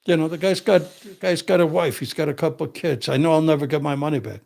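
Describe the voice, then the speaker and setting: An older defense attorney with a rough, gravelly voice sitting slightly higher than most men's. He tells blunt, profane stories in a tough-guy manner, acting out what people said to him. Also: fast, darkish tone. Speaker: criminal defense attorney, guest. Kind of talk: casual storytelling.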